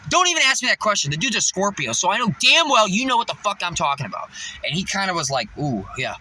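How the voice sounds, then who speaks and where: A young man telling a heated story in a vlog, swearing a lot, with loud outbursts. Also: high voice, very animated, fast, slight background noise, rough recording. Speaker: vlogger. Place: in his car, outdoors traffic nearby.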